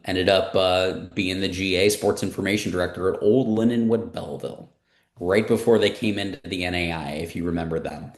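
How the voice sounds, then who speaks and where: Casting: deep-voiced male interview guest, forties, animated storyteller, echoey room. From Missouri, US. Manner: animated storyteller, acts out quoted people. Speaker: marketing director guest.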